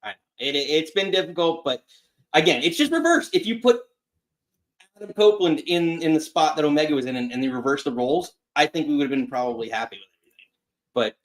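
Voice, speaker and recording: A man's voice: a little high, expressive, quick pace. A man hosting a wrestling call-in show, taking callers and reacting in an upbeat way. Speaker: host.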